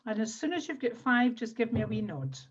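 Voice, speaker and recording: This Scottish NLP trainer and coach is leading a live online coaching workshop, heard through a video call as dull lo-fi webinar audio. Her pitch is a little high and her delivery very animated and brisk, with a breathy edge. She guides the exercises one step at a time, instructing the group and returning to the same phrases again and again.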